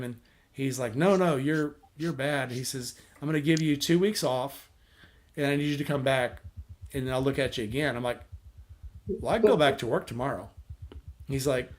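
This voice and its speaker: A man's voice: medium pitch, moderate pace. A man hosting a casual chat with friends, telling a long rambling anecdote full of quoted dialogue and restarts. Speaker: host.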